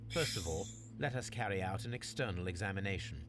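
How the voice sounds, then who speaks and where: An actor playing a calm Victorian detective in a video game, measured and formal. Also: male voice, low-pitched, noisy background. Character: calm Victorian male detective Sherlock Holmes. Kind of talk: game voice acting.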